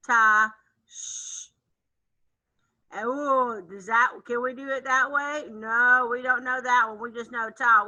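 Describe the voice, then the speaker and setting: A woman music teacher leading an online lesson for young children, chanting syllables in an animated, sing-song voice. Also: a little high, rough recording. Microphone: computer mic on a video call.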